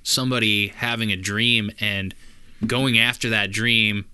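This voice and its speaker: Male guest, very bright tone, blunt and easygoing, dry sound. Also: lowish voice, fairly even intonation, unhurried, clean tone, no echo. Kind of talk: casual chat.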